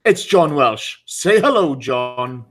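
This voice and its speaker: A man's voice: mid-range voice, lively intonation, slow, fairly bright tone. A man hosting a live podcast in a casual, chatty way, teasing his guests and greeting listeners by name. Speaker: podcast host.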